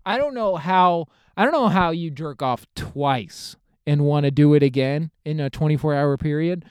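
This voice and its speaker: A young man, telling a comedic story on his podcast in a rambling, profane, animated way. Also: fairly high pitch, normal speed, clear, resonant tone, dry recording. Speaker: podcast host.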